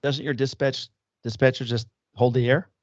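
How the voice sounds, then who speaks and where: A man's voice: medium pitch, fairly even intonation, moderate pace, no echo. A male podcast co-host giving short encouraging reactions in a casual chat. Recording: dry, dull lo-fi sound.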